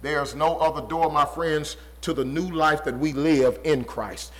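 Man preaching, high voice, emphatic repeating cadence, sinks low and soft to stress points. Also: fairly even intonation, unhurried, rough recording. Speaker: pastor. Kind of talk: sermon.

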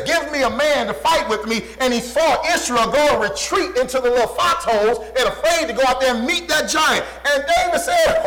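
A pastor preaching a sermon with an emphatic, repetitive cadence, often dropping low and quiet for stress. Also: male voice, low-quality recording.

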